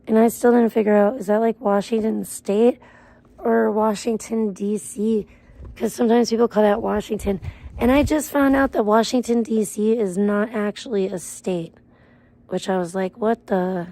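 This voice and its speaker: Woman streamer, low gravelly edge, warm relaxed tone, rambling profane rants to chat. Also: normal speed. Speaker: live streamer. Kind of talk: casual livestream chat.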